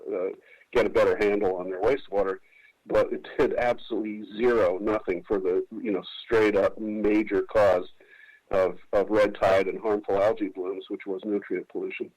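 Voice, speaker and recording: Low male interview guest on radio, rambling, lots of fillers. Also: little pitch movement, normal speed, darkish tone, rough recording. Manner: rambling, many restarts and fillers. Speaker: political candidate. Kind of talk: casual interview answer. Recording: radio broadcast.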